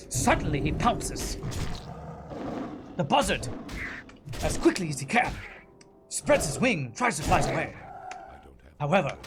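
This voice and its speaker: A man putting on an impression of an older British nature documentary narrator, with a slow, hushed and hammy delivery. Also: a little high. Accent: British, put on.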